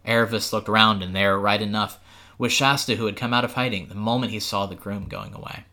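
Man, storybook read-aloud, bright forceful tone, low voice, steady expressive narration. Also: brisk. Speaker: podcast host, reader.

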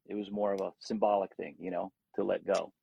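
A middle-aged rock singer with a low, creaky, slightly rough voice speaks briskly in a casual interview, telling stories from his career. He's an animated storyteller who acts out the voices of people in them. The recording is muffled.

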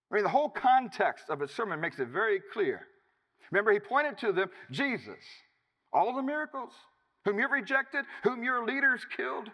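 A man delivers a sermon in a long-reverb church hall, his voice high and swinging widely in pitch. He preaches emphatically, leaning on single words with dramatic pauses. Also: sharp tone. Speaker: pastor.

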